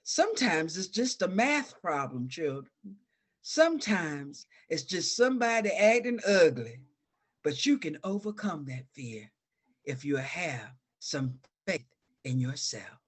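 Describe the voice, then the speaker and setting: A woman telling a folk story to children, dramatic, dropping to a hush and then rising loud. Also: sits low, a little slow, slightly rough. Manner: animated, dramatic shifts between hushed and loud.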